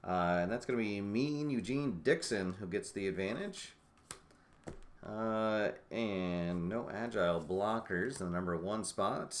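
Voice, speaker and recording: A man giving play-by-play commentary on a tabletop roller derby game he is playing, musing with fillers and sudden bursts of excitement. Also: on the low side, measured pace.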